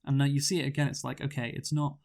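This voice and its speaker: Man, mid-pitched voice, casual film review, relaxed, hedging. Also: fast, gravelly. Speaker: podcast co-host. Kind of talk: casual movie review chat.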